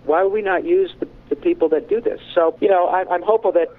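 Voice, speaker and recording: A middle-aged voice actor telling frank, animated stories in an interview. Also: male voice, high voice, fast talker. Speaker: voice actor guest. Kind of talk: candid storytelling in conversation. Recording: tinny phone-like line.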